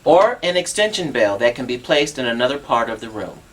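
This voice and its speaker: A man's voice: medium pitch, big pitch swings, a little fast, fairly bright tone. A man demonstrating assistive telephone equipment on a TV show, patient and instructive, walking through each step.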